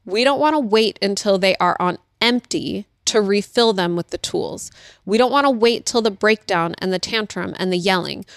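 Woman, thirties, casual advice talk, earnest, mid pitch, dry sound. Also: moderate pace, vocal fry, no room sound. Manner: earnest, explanatory, repeats key phrases. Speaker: parenting advice host.

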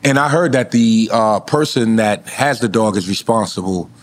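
A man's voice: on the low side, normal speed, a little hiss or hum. Laid-back profane man, casual storytelling. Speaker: podcast guest. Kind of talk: casual chat.

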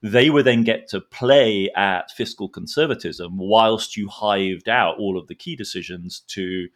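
A man's voice: lowish voice, measured pace. A man giving a detailed, explanatory analysis in a podcast discussion, drawing analogies as he goes. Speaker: expert guest.

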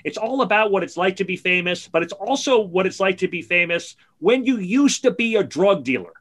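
A man with a high, bright, forceful voice talks songs as a podcast co-host. He is animated and eager, quick to laugh, and fills his sentences with "like" as he gushes. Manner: chatty with many "like" fillers. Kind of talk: casual music chat.

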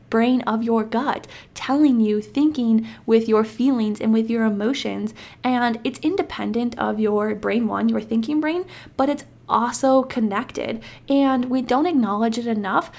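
Upbeat young woman with a bright-pitched voice. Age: 20s. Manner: upbeat, emphatic and encouraging. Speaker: podcast host. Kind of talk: motivational podcast monologue.

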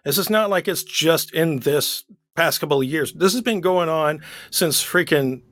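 A man's voice: on the high side, a little slow, a bit bright. A man co-hosting a book podcast, chatting casually and rambling with frequent restarts. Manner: rambling, self-correcting, laughs easily. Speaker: podcast co-host. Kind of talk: casual chat.

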